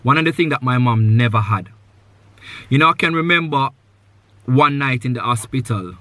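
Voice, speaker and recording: A man's voice: medium pitch, normal speed, bright, forceful tone, dry recording. A man hosting a live podcast, giving earnest advice to a guest, repeating his main points and filling his talk with "you know.". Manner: loose sentences with many "you know" fillers. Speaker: podcast host.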